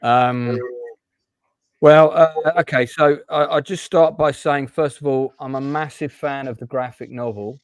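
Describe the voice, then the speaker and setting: A man's voice: medium pitch, steady tone, unhurried, no room sound. Male host, casual rambling talker, dry close sound. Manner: rambling, hesitant, with many restarts. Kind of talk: casual chat.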